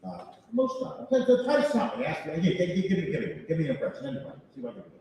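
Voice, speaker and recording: A man in his sixties, a voice actor on a convention panel, telling animated, self-mocking stories with chuckles. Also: a little high, rapid-fire, slight background noise. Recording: echoey hall picked up from far off.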